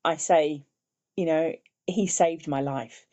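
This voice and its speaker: A woman's voice: deep voice, fairly even intonation, slow pace, warm tone. An older woman from England, a podcast guest, telling her personal story earnestly. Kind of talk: interview conversation. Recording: dull lo-fi remote audio.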